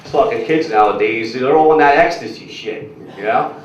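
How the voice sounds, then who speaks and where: A young comedian talks to the crowd during a crude, rambling stand-up set at a comedy club, full of "like" and "you know." His voice is medium-pitched at a normal speed, and the recording is echoey and muffled, captured from a distance with slight background noise.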